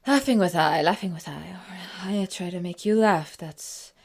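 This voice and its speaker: A woman rambling casually over her own video, giggling often and drifting between loud excited bursts and quiet murmured asides. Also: lowish voice, normal speed.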